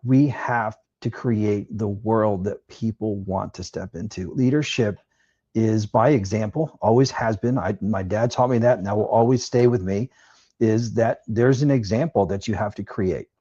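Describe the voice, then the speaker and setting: Husky low-voiced reflective man, dull sound. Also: warm tone. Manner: measured, reflective advice-giving. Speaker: former police officer guest. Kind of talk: podcast interview.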